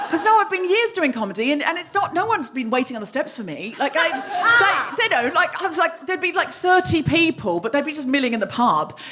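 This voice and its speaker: Female comic host, high-pitched and very expressive, self-deprecating stage storyteller. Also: normal speed, heavy background noise. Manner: animated, self-mocking storytelling that acts out quotes. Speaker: podcast host. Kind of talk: live comedy monologue. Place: live venue stage.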